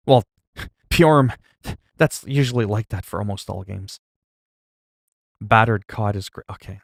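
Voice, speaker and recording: On a game livestream, a man with a lowish, gravelly voice rambles, cracks jokes and reads the chat out loud into his desk mic. The recording is clean studio sound with no room tone.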